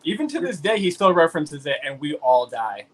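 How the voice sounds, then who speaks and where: Male co-host, high and animated, quick questions. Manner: chiming in with questions. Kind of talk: casual chat.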